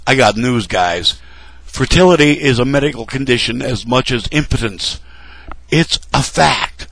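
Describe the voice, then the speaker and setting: A man rants slowly and sarcastically, scolding politicians as if they sat across from him. His voice is gravelly and full of fry. The sound is dry and close, with no room around it. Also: mid-range voice, a bit bright, no room sound, rough recording. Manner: sarcastic, scolding, addresses candidates directly. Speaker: political commentary vlogger. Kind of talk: ranting political commentary to camera.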